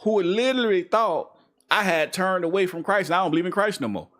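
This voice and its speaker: A man's voice: lively intonation, a little fast, fairly bright tone. Heated preachy man on talk radio. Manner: heated, preachy, swings from low mutters to high outbursts. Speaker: radio show co-host. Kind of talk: casual talk radio discussion.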